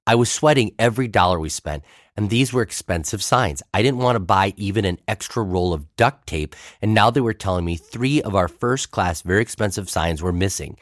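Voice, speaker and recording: A male pastor reads a personal story aloud with a wry, understated storyteller's touch. His voice sits on the lower side, and the recording is close and dry, with no room echo.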